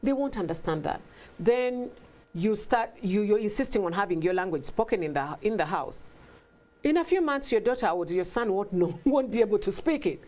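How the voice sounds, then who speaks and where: A woman guest in a casual talk, telling stories with lively acted-out quotes and frequent laughter. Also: medium pitch, moderate pace. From Africa. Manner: animated storytelling, acts out quotes, laughs often. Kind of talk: casual conversation.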